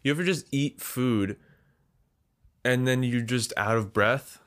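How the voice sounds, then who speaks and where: A man's voice: medium pitch, measured pace, fairly bright tone. A man hosting his solo podcast, slightly out of breath from a big meal, rambling and self-deprecating with frequent restarts. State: out of breath after overeating. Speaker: podcast host. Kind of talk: casual solo podcast monologue.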